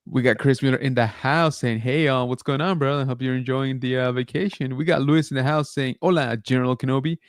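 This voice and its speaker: A man in a middle pitch hosts a relaxed livestream, rambling through stories and greeting viewers in the chat. His voice comes across close and dry, with no room sound. He keeps a loose, filler-heavy flow. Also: brisk, few pauses, smooth, dry recording. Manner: chatty, many fillers, reads chat aloud. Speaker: podcast host.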